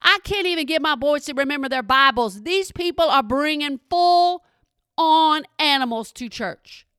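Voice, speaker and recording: A woman's voice: high voice, expressive, a little slow, fairly bright tone, dry recording, clean studio sound. A woman from Texas with a Texan accent, telling a chatty story and asking again and again if you hear her. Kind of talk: storytelling monologue.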